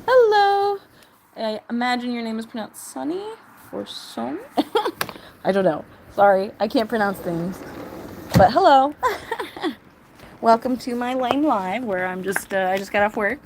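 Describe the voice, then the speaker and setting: A woman's voice: fairly high pitch, lively intonation, measured pace, creaky. A casual American woman hosting her own live stream from an outdoor cat enclosure. Her talk is loose and chatty and often breaks into laughter. The phone recording is thick with background noise.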